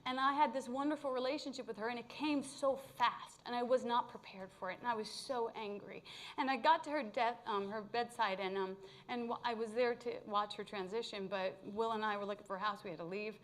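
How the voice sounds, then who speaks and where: Woman, middle-aged, slightly high-pitched, candid, animated, blunt humor, spiritual talk. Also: a little fast. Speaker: spiritual speaker. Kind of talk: personal storytelling talk to a congregation. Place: live talk at a spiritual community gathering.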